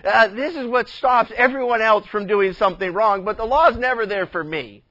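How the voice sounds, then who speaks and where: A man's voice: high voice, moderate pace, bright, forceful tone. A man pastor preaching a sermon in a folksy, conversational way. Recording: dull lo-fi recording.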